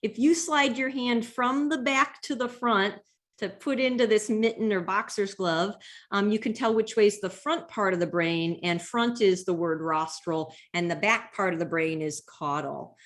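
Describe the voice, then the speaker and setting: A woman's voice: mid-range voice, a little slow, a bit bright. A woman lecturing on brain anatomy over slides, explaining step by step in a patient way with frequent ums. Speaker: neuroscience lecturer. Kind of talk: slide-based health lecture.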